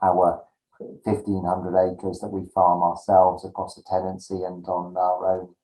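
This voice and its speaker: Low, dark, methodical farm businessman. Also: monotone, roomy sound, low-quality recording. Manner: measured, methodical. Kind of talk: interview answer.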